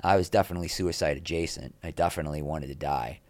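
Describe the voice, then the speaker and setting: Over music, a fast-talking middle-aged man with an extremely low voice guests in an interview. He tells candid, rambling stories that poke fun at himself, growing animated as he plays out the people he quotes.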